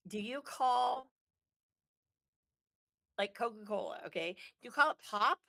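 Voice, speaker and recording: Woman podcast co-host, bright voice, dry close mic, emphatic and chatty. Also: fairly high pitch, lively intonation, takes it slowly, gravelly, dry recording. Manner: chatty, swears casually, emphatic. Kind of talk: casual wrestling podcast chat.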